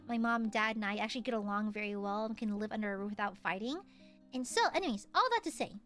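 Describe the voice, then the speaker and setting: A woman's voice: fairly high pitch, fairly bright tone. A young woman streamer in casual chat, rambling and laughing often. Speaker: VTuber streamer.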